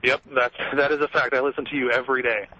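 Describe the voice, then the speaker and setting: A man's voice: medium pitch, level tone, fast talker, sharp tone, no echo. A young man calling in to a radio show, talking earnestly and with passion. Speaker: caller. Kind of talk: radio call-in. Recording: dull phone line.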